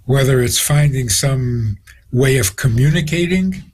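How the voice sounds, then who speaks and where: A man's voice: medium pitch, a little slow, a little mellow, slightly rough, low-quality recording. A rabbi, a man, tells stories with quoted dialogue as a guest on a radio interview. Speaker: rabbi answering questions as a guest.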